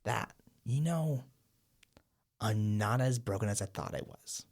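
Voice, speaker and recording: A man's voice: on the low side, unhurried. A man hosting a podcast, chatting casually and enthusiastically about an episode. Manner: animated, enthusiastic storyteller. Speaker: podcast host.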